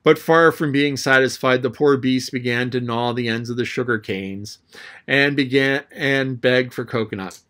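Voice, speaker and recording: A man reading a classic adventure novel aloud as an audiobook narrator, telling the story in a lively way. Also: normal speed. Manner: lively storytelling, raising his pitch for the boy's lines.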